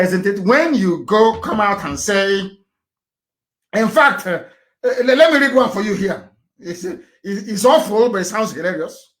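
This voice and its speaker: A man delivers a fiery, confrontational live broadcast. His voice sits a touch high for a man. He lurches from shouting to low, pressing intensity and hammers the same phrases again and again. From Nigeria. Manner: repeats phrases for emphasis. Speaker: broadcaster addressing listeners. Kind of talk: live impassioned broadcast speech.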